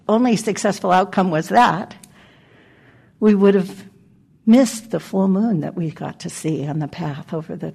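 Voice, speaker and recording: An older woman giving a gentle, reflective dharma talk as a meditation teacher, pausing often and laughing softly. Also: medium pitch, vocal fry, husky. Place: meditation hall.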